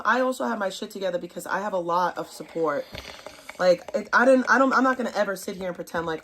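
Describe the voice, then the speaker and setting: A woman's voice: medium pitch, fast, fairly bright tone. A woman, ranting bluntly and profanely to her stream chat. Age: 30s. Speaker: livestream host. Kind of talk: casual rant to stream chat.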